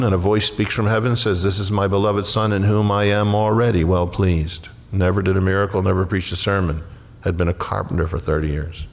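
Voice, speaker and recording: Folksy preaching pastor in a reverberant hall. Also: male voice, low voice, creaky. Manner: folksy, animated preaching with rising emphatic passages. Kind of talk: sermon.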